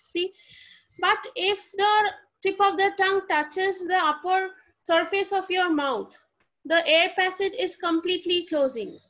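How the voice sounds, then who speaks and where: Teaching phonetics to a class, a woman speaks at a measured pace in a very high, fairly bright voice. She poses questions and answers them herself, spelling out words letter by letter. The recording sounds dull and lo-fi.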